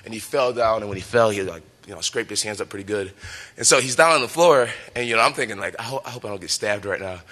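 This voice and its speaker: A young man in his twenties, a professional fighter, telling a story in a lively way, laughing often and acting out what people said. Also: on the low side, fast talker. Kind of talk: animated storytelling.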